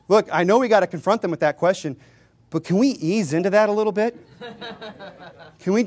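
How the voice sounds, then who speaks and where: A man preaching a sermon in a casual, joking way, acting out doorstep conversations. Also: high voice. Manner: self-deprecating humor, chuckles often. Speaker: pastor.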